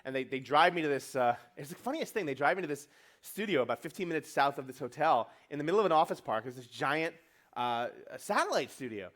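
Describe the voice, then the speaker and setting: A man's voice: a little high, animated, a bit bright. A man giving a comedic keynote to a conference audience, brash and profane, acting out quotes as he goes. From New York. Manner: fast, brash, joking, profane, acts out quotes. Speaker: keynote speaker.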